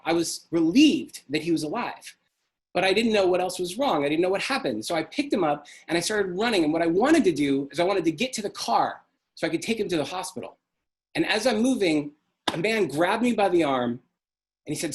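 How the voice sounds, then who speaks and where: A man's voice: on the high side, lively intonation, normal speed. A middle-aged man telling a personal story in an earnest, emotional way. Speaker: speaker.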